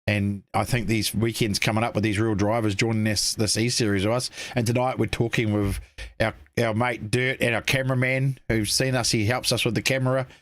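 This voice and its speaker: A man's voice: fairly low pitch, brisk, no echo. A New man co-hosts a casual online show, talking loosely and filling gaps as he goes. His voice is recorded close and dry, with no room around it. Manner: relaxed, rambling with fillers. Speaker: co-host. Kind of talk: casual livestream chat.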